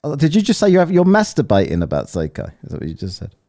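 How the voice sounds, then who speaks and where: A man's voice: on the high side, fast. A man with an English accent hosting a casual panel chat, swearing freely, teasing his guests and telling stories. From England. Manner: swearing, teasing, lively storytelling.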